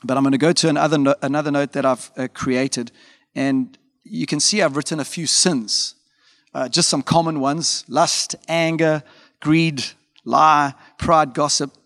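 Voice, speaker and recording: A man's voice: medium pitch, steady tone, moderate pace, fairly bright tone. A man preaching a conversational sermon as a pastor, telling stories informally with frequent fillers and asides. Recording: long hall reverb.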